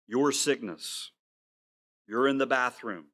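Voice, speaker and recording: A male pastor delivering a sermon in an earnest way, slowing down to stress his words and now and then repeating himself. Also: medium pitch, fairly bright tone.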